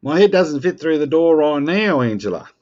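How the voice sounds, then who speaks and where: A man's voice: on the high side, big pitch swings, moderate pace, a little mellow, muffled recording. An Australian man chatting casually with viewers on a live stream, joking and playfully defending himself. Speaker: livestream host.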